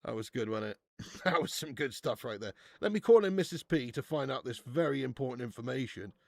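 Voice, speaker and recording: A man's voice: medium pitch, animated, brisk, creaky, dry recording, clean studio sound. A young man hosting a live watch-along stream, bantering with viewers, swearing and laughing often. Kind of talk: live casual chat to viewers.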